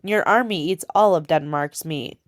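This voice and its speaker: A woman voicing a spirited, quick-witted young girl who chatters and pushes back boldly. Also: deep voice, no echo, studio quality, natural voice. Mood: defiant. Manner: chattering, then defiant and tearful.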